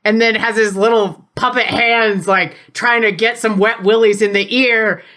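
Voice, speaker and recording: A woman's voice: fairly high pitch, fairly even intonation, unhurried, fairly bright tone. A woman on a podcast, telling a story in a playful, giggly way. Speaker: podcast player.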